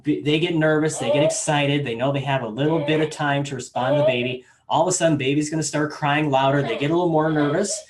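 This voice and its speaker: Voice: mid-range voice, fairly even intonation, quick pace, hardly any pauses, a little hiss or hum. Support trainer talking through a demo step by step, casual, says uh now and then. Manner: step-by-step explaining, casual filler words. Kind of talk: instructional product demonstration.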